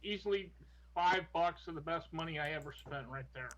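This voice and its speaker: Eager high-voiced male podcast host. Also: fairly quick, dull audio, a loud crowd. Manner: eager, effusive, repeats himself. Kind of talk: casual chat on a live video call. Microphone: video call.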